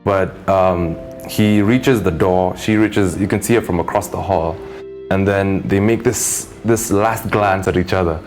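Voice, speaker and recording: A young man from East Africa, a guest in a casual interview, telling a story in an animated way and acting out the voices of its characters. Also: low voice, unhurried, faint music behind. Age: young adult.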